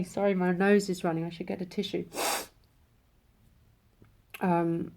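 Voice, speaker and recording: A woman's voice: mid-range voice, fairly even intonation, normal speed, pauses often. Woman telling an emotional spiritual story. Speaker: vlogger.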